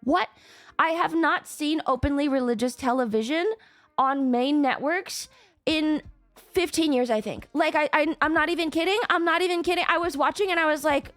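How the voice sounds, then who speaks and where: A woman's voice: high voice, normal speed, no room sound, faint music behind. A woman streamer in casual chat, rambling and swearing freely as she talks to her viewers.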